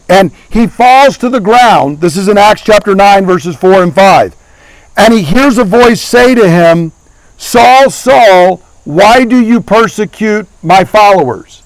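High-voiced man preaching a sermon. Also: no room sound, low-quality recording. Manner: earnest preaching with questions to the congregation. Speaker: pastor.

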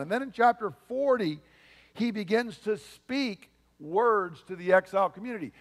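Pastor, male, emphatic preaching with asides, higher voice, long church-hall echo. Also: lively intonation, normal speed. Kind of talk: sermon.

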